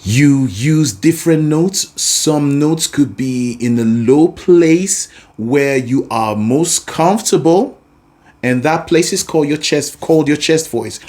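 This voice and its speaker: Unhurried high-voiced male vocal coach. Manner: animated, explains patiently with asides. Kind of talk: singing lesson with sung demonstrations.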